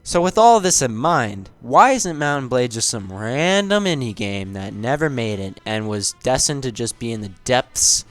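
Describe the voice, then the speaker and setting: A man's voice: mid-range voice, very animated, moderate pace, few pauses, soft background music. A man giving casual game commentary, rambling and joking with plenty of swearing. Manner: rambling, jokey and profane. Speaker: game video essayist.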